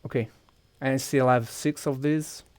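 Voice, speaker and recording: A man's voice: mid-range voice, steady tone, a little slow. A man with a Portuguese accent streaming a game, walking viewers through each step while he clicks and thinks aloud. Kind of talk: casual live-stream chat.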